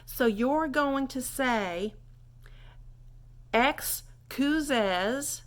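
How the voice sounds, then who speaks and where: A woman's voice: sits high, expressive, very slow, exaggerated voice. A woman playing a prim, chatty lady who teaches mangled French phrases, drawing out and over-enunciating words in a genteel, folksy way. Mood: prim, instructive. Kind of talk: comic character monologue.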